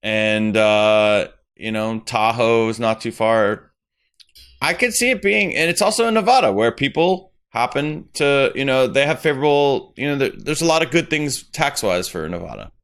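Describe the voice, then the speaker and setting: A man with a bright, clear voice chats casually as a podcast co-host. He rambles a little and jokes along with the others, keeping an easygoing tone. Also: mid-range voice, moderate pace. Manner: relaxed, rambling, joking. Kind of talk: casual chat.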